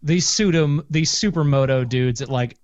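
A man's voice: fairly high pitch, dry recording, muffled recording. A man in casual chat, crude and joking. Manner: crude, joking, fast talker.

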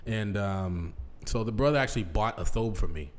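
Lively, jokey man in his late thirties. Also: fairly low pitch, normal speed. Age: late 30s. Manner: animated, jokey, breaks into laughter and mock accents. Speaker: podcast co-host. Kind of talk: casual comedic chat.

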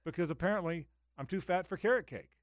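A man's voice: sits high, fast talker, no echo, clean studio sound. Rambling self-mocking male radio host. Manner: rambling storyteller, self-mocking, lots of restarts. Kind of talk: casual radio banter.

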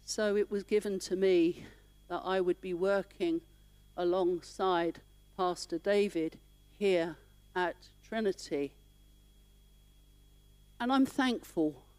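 A woman's voice: on the low side, takes it slowly, pauses often, darkish tone, clear, resonant tone, no room sound. A middle-aged woman minister telling her personal story in church, emotional and conversational.

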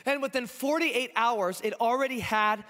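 A hoarse man in his twenties preaching a sermon in a church, conversational and earnest, with frequent fillers. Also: very high voice, normal speed, pushed and bright, big-room sound. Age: 20s.

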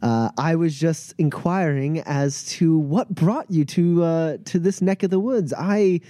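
A man's voice: on the high side, a little slow, mellow, no room sound, clean studio sound, voice pushed up, natural voice. A man voicing a charming, scheming male smuggler who talks in a silky, falsely friendly way.

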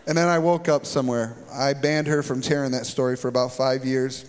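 A man preaching a sermon as a pastor, telling stories in an animated way and acting out the scenes. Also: medium pitch, brisk, long reverb tail, a little hiss or hum. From Minnesota. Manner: animated storytelling, acts out scenes.

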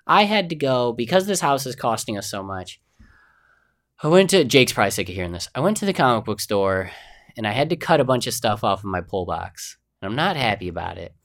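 A man's voice: mid-range voice, big pitch swings, a little fast, fairly bright tone. A young man hosting a podcast on his own, chatting casually and rambling from one thing to the next. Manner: rambling, chatty, easily sidetracked. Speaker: podcast host. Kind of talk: casual solo podcast chat.

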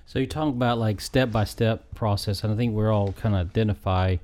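A man with a low, mellow voice talks about faith in a casual chat. He rambles, breaks off and restarts as he searches for his words. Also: brisk.

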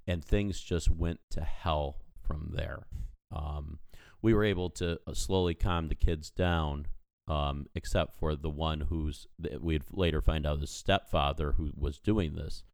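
A man's voice: rumbling low, fairly even intonation, measured pace, vocal fry, hardly any pauses, a little mellow, clear, resonant tone, no room sound. A man in his thirties, a podcast co-host, telling a story in casual chat and animatedly acting out the people in it. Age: 30s.

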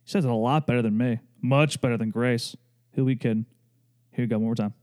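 A man's voice: medium pitch, fairly even intonation, fairly quick, a little mellow, clean tone. A young man hosting a podcast, chatting loosely and joking, with many fillers and tangents. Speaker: podcast host. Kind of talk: casual chat.

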